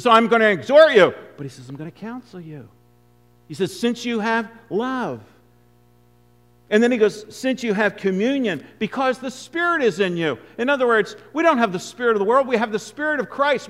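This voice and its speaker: A male preacher giving an expository sermon, emphatic, with loud stresses and hushed asides. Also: on the high side.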